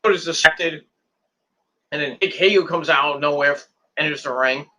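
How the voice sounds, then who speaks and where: A man's voice: fairly high pitch, moderate pace, pushed and bright. A man casually recapping a wrestling match move by move, rambling and repeating words as he goes. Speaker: wrestling show reviewer.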